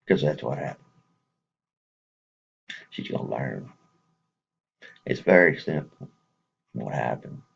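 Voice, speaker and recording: A man's voice: a bass voice, animated, slow, pauses often. A man giving an earnest, plainspoken spoken message in a casual, folksy way. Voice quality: gravelly, husky. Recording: dull lo-fi recording.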